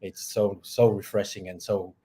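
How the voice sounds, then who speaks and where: A man co-hosting a casual chat, relaxed, laughing easily and speaking haltingly. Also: lowish voice, breathy edge. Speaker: co-host.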